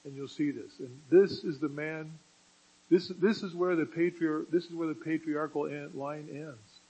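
A man preaching a sermon, moving from quiet explanation to loud, emphatic passages. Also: a little high, steady tone, moderate pace, husky, highs cut off.

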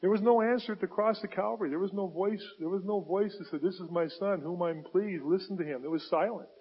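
Husky-voiced male pastor preaching. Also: high voice, quick pace, muffled recording. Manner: swings from loud pleading to quiet reflective asides. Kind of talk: sermon.

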